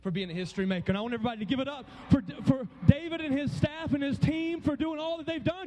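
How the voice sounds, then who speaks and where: A man speaking at a youth event, preaching with high energy and shouting playful calls to a live crowd in a large hall. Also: fast talker, background noise.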